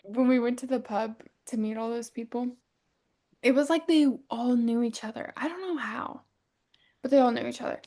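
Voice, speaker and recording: Speaking at a moderate pace in a somewhat high voice, a female podcast co-host from the US chats casually and tells lively stories. She acts out the things people said to her and frequently breaks into laughter.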